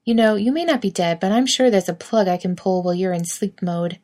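A woman's voice: medium pitch, brisk, darkish tone, natural voice. A woman reading the part of an anxious young man whose voice cracks as he chokes up. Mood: annoyed.

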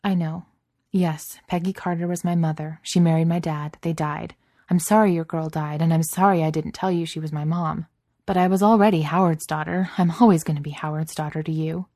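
A woman's voice: low voice, steady tone, fairly quick, dark tone, no room sound, clean studio sound. Woman reading as a quippy, defensive genius heroine. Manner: quippy and defensive, rising when upset. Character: sharp-tongued defensive genius woman, quick quips.

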